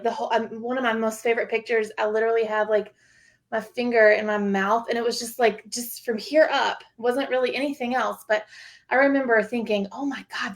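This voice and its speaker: A woman photographer sharing her experience in an earnest, rambling way with fillers. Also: a little high. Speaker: photographer student. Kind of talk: casual chat.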